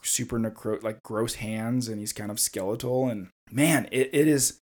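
A man co-hosting a casual podcast about a video game, who gets excited in conversation and reads a passage aloud in a measured storytelling voice. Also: medium pitch. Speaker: podcast co-host.

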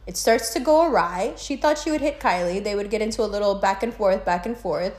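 A woman hosting a podcast, ranting in a casual, profane and animated way, mocking people with quick impressions. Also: mid-range voice. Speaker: podcast host. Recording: echoey room.

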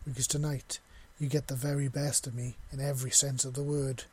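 A man voicing a devoted, affectionate young human man, talking softly in a husky voice. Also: medium pitch, little pitch movement, brisk, lightly acted. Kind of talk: audio story reading.

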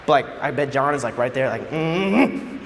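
A man preaching a casual sermon in an animated, joking way, acting out scenes, in an echoey hall with faint background noise. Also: mid-range voice, quick pace. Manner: animated, joking, acts out quotes.

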